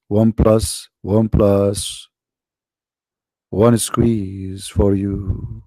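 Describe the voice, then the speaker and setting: A man hosts a live call-in debate, mocking and sarcastic, with his voice worn out after hours of talking. His tone is dark and gravelly, and the sound is dry and close. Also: fairly low pitch, no room sound. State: tired, worn-out voice.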